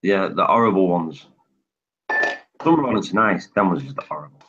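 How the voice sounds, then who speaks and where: Husky Mancunian man on a lo-fi line. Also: deep voice, animated, moderate pace, fairly bright tone. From England. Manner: chatty, jokey, uses local slang. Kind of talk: casual live stream chat. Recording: husky voice over a dull lo-fi line.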